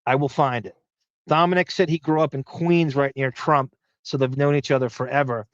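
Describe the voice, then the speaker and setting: A man's voice: fairly high pitch, fairly even intonation, fairly quick, dry recording, dull audio. A man with a Long Island accent hosting a podcast, reading listener comments and thinking aloud in a rambling, profane way. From Long Island, New York. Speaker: podcast host. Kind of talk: casual live chat reading listener comments.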